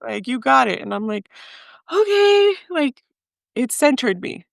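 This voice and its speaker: Husky-edged woman from Mexico telling a story. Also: fairly high pitch, fairly quick, no room sound. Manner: animated, laughs often, mixes in Spanish. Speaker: podcast guest. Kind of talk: storytelling in an interview.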